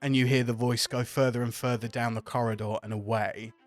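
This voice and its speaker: A man's voice: mid-range voice, little pitch movement, fairly quick, soft background music. A man narrating a tabletop game as game master, loose and descriptive.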